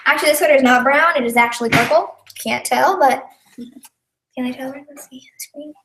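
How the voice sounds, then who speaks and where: A woman's voice: high voice, normal speed. A woman chatting casually on a live stream, rambling and giggly, tired and thirsty. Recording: echoey room, far from mic, faint noise.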